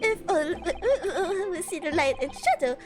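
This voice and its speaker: A woman voicing a dramatic, flustered female witness with a vague, half-French put-on manner, delivered theatrically and haltingly. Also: extremely high pitch, lively intonation, over music, voice pushed up.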